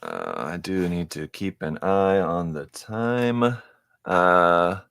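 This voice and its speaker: Low-voiced man rambling on a live stream. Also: very animated, slow, vocal fry, fairly bright tone, clear, resonant tone. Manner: rambling and hesitant, many fillers and restarts; mutters to himself while working. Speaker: live-stream host building a model kit. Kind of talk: casual live-stream chat, answering viewer questions.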